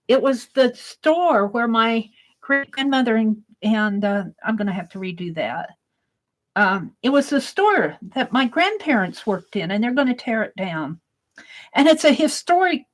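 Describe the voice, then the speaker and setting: A woman's voice: fairly high pitch, very animated, measured pace, poor audio. A woman hosting an art livestream, chatting casually with her viewers and telling a story while she crafts, in a rambling, giggly way.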